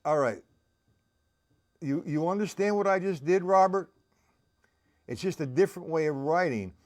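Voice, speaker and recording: A man's voice: a little high, animated, normal speed. A man giving a live-streamed drum lesson, counting beats aloud and greeting his viewers between examples. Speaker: drum teacher. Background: drums played while talking.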